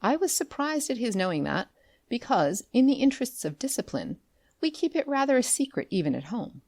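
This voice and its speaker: A woman narrating a classic story as an audiobook, with expressive storytelling. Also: on the high side, a little fast, no room sound. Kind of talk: scripted narration.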